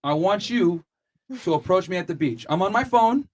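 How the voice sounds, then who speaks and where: A man's voice: high-pitched, expressive, normal speed. Joking man running a podcast set-up. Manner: loose, joking, directs the set-up. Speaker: podcast host. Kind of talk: casual podcast banter. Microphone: studio microphone.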